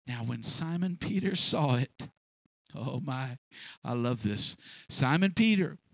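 A male pastor preaching a sermon, animated, repeating phrases and building to shouts. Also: mid-range voice, slow, vocal fry, no echo.

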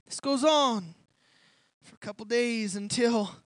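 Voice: medium pitch, takes it slowly, no echo. A preacher giving a sermon as a vivid dramatic retelling, often repeating words as they restart a thought.

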